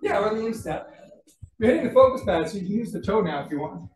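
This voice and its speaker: Man, martial arts instructor, out of breath, calls out combos, high voice, distant from the mic. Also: lively intonation, fast, darkish tone. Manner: calls out combinations, checks in with the class often. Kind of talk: class instruction. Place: training gym. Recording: echoey gym from far off.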